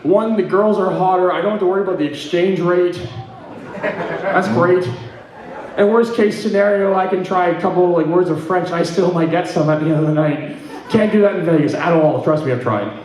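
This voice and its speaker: Middle-aged guy from ontario doing standup, pretty high voice, swears a lot, big echo off the club. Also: a little fast, a crowd in the background. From Ontario, Canada. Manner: profane, laughing between punchlines. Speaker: stand-up comedian. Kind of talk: stand-up comedy storytelling.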